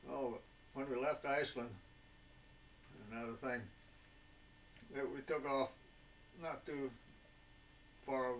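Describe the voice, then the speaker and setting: A man in his eighties, a veteran, recalling his wartime years in a folksy, rambling way with many filler pauses. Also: medium pitch, steady tone. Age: 80s. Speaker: veteran interviewee. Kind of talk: oral history reminiscence. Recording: distant mic with faint background noise.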